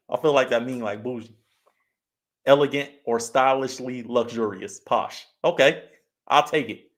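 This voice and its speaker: A male livestream host from California chats in an easygoing way, laughing often and reading comments aloud. His voice is medium-pitched and slow, with frequent pauses.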